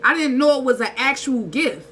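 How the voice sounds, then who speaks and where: A woman, giving a casual spiritual talk in an animated, preachy way with slang and rhetorical asides. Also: sits high, normal speed, a little hiss or hum, rough recording. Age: 30s. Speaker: spiritual channel host.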